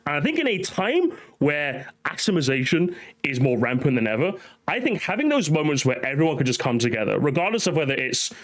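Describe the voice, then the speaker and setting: Animated ranting male streamer. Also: on the high side, a little fast. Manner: animated, ranting, addresses chat. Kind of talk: ranting live stream commentary.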